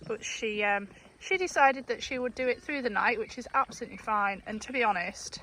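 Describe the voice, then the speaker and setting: A woman's voice: a little high, fairly quick, sharp tone. A woman shepherd, chatting casually on her farm and cooing fondly at her sheep. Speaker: shepherd and farmer. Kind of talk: casual vlog narration on the farm. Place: outdoors on a farm among sheep. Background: sheep and faint outdoor noise.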